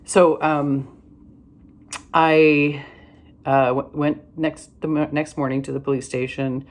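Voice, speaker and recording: A woman's voice: deep voice, little pitch movement, takes it slowly. A tired older woman telling a rambling, wry story in a casual vlog, with lots of fillers and restarts. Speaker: vlogger.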